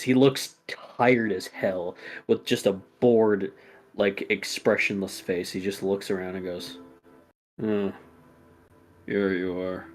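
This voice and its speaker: A man narrating a tabletop game as game master, talking casually with fillers. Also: on the low side. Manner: casual, halting, with fillers and restarts.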